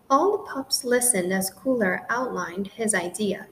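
A woman narrating a children's storybook in a gentle, clear reading style. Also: mid-range voice, measured pace, slight background noise, low-quality recording.

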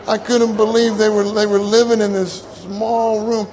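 A man's voice: sits high, flat delivery, moderate pace, few pauses, crowd noise, background noise. An older man preaching a sermon in a conversational way, repeating his key phrases and laughing at his own jokes.

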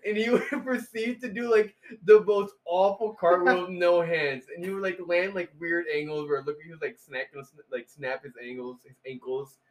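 A man's voice: sits high, fairly even intonation, moderate pace, hardly any pauses. A young man telling loose, slangy stories in a casual chat, laughing often.

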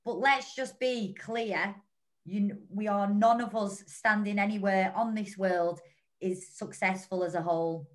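An earnest woman co-hosting a podcast, thinking out loud and circling back through restarts. Her pitch sits in an ordinary middle range for a woman. She talks the way you would in a relaxed chat between friends. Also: measured pace. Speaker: podcast co-host. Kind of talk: reflective casual chat.

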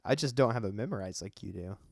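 A man's voice: fairly low pitch, expressive, fast talker, vocal fry, no echo, clean studio sound. A man with a Southern US accent co-hosting a podcast in casual chat, rambling with fillers and laughs. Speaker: podcast co-host.

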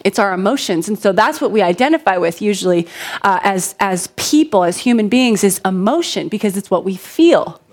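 A woman in her thirties giving a conversational sermon full of personal stories, animated and chatty, asking the congregation questions. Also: mid-range voice, moderate pace. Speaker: pastor.

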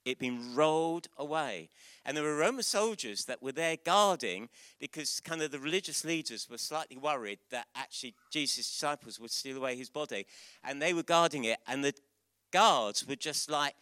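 A man preaching an Easter sermon to a church, questioning children and calling out loud exclamations. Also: fairly high pitch, no room sound. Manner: lively, interactive, bursts into loud exclamations.

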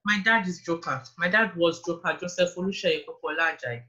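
A middle-aged woman with a strong Nigerian accent talks in a somewhat low voice. She is a chatty, self-deprecating interview guest who laughs easily and speaks plainly. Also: brisk, pushed and bright, lo-fi sound. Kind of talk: casual interview chat.

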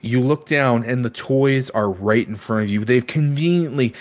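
A man's voice: medium pitch, normal speed. A man narrating a comedic tabletop game as game master, describing action scenes playfully.

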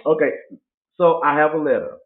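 A man's voice: a little high, a little fast. A man hosting a casual chat show, telling stories with animation and acting out other people's voices. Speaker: podcast host. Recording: tinny phone-like audio in an echoey room.

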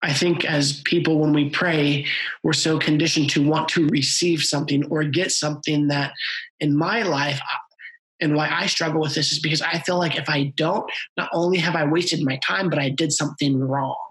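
A man's voice: fairly high pitch, fairly even intonation, normal speed, fairly bright tone, low-quality recording. Earnest male podcast host. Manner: earnest, reflective, sometimes playful. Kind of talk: conversational interview.

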